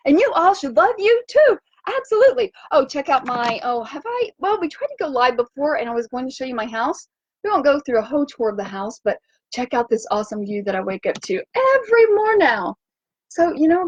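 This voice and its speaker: A woman hosting a motivational wellness livestream from her home, bubbly and animated, chanting and cheering. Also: high voice. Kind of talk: upbeat motivational livestream chat. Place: home in Fiji by the sea. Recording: dull lo-fi sound.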